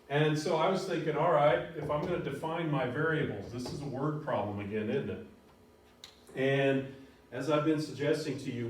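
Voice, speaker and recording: Middle-aged male algebra instructor, animated lecturer, recorded far from the mic in a very echoey room. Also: medium pitch. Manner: animated, bursts into shouts on key words. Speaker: college math instructor.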